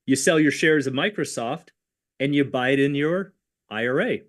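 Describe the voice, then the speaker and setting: A man's voice: medium pitch, moderate pace. A man co-hosting a livestreamed options lesson, explaining tax rules in a conversational way with worked examples. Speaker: options educator co-host.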